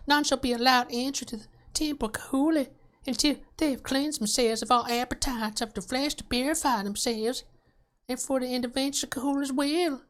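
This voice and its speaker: A woman's voice: high voice, fairly even intonation, brisk, close to an everyday voice. A woman reading as a preaching prelate. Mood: formal. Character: male temple prelate preaching rules.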